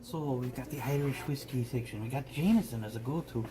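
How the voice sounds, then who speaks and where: A man co-hosting a comedic live stream, rambling through sarcastic deadpan jokes. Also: mid-range voice, a little fast, loud music behind the voice, rough recording. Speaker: stream co-host.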